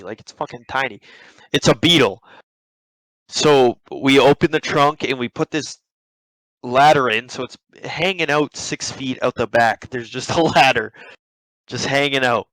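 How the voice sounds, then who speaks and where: A man's voice: mid-range voice, fairly bright tone, no echo, rough recording. A young man hosting a podcast, telling a story in a rambling, profane way with many restarts. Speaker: podcast host. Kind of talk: casual storytelling.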